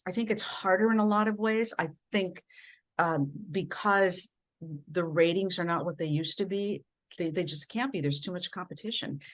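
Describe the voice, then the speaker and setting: A middle-aged or older woman from Minnesota, a veteran TV news journalist, telling career stories earnestly and emphatically in an interview. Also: fairly low pitch. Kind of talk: conversational interview storytelling.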